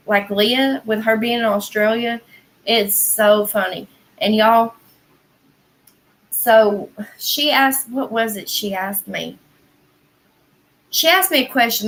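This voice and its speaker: A woman's voice: mid-range voice, a bit bright, low-quality recording. A woman with a Southern American accent hosting a casual livestream, chatting in a rambling way and answering viewers' comments. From Southern United States. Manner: rambling, chatty, heavy use of "like" and "y'all".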